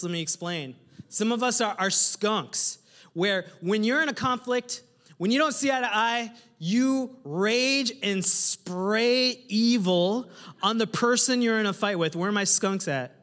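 Male pastor, high-pitched, lively and humorous from the pulpit, heard in a long-reverb hall. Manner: animated, humorous, asks the congregation questions. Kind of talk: sermon. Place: church hall with a congregation.

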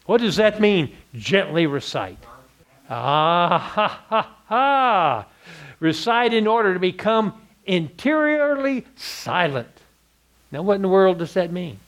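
A man's voice: high-pitched, big pitch swings, unhurried. A man with a Texan accent teaching a church Bible class, posing rhetorical questions and answering them himself.

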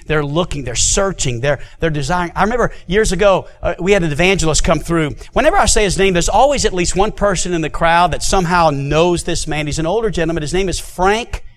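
A man with a high, light voice preaches as a pastor, telling stories from his own life. He often repeats a word as he starts a phrase and sinks into a low, hushed tone for solemn points. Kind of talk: sermon with personal stories.

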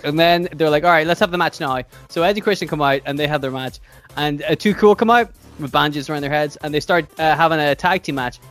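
A man co-hosts a casual podcast in a slightly high voice. He rambles through stories and swears freely. Faint music runs underneath. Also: fairly bright tone. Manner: swearing, quick rambling storytelling. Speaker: podcast co-host.

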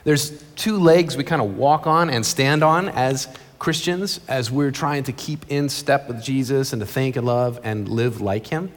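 A male pastor preaching an earnest, conversational sermon from a church stage, with quick asides. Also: medium pitch. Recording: long reverb of a large hall.

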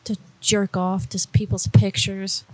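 Young woman doing a deadpan prank call, hesitant, lots of likes and ums, dry close sound. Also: medium pitch, a little slow, no echo, rough recording. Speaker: streamer prank-calling.

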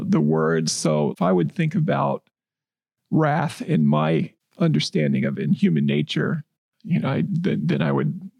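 Gravelly-voiced man explaining scripture. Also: on the high side, darkish tone, no room sound, studio quality. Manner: reads scripture then explains it conversationally. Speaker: podcast co-host. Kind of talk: casual bible discussion.

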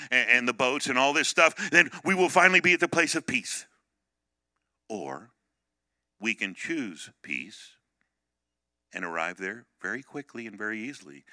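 A middle-aged male pastor giving a sermon, telling a personal story in an animated way and acting out the people in it. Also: mid-range voice, dry recording, studio quality. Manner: animated, acts out the story in many voices.

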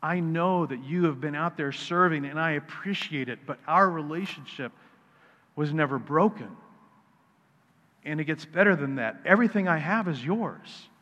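A loving father, voiced by a male preacher, reasons with his son in a calm, pleading way. The voice sits a little high for a man and carries a long hall echo over dull, muffled sound. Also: moderate pace. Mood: gentle. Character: patient loving father, gently reassuring.

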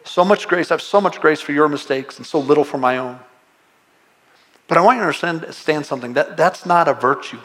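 A man's voice: a little high, fast talker, fairly bright tone. Earnest male pastor preaching. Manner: earnest, pleading, repeats words and asks rhetorical questions. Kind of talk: sermon.

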